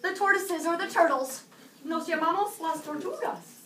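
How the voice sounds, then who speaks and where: A woman teaching a high school Spanish class, playful and lively, quizzing her students. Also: normal speed, crowd noise. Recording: echoey classroom from a distance.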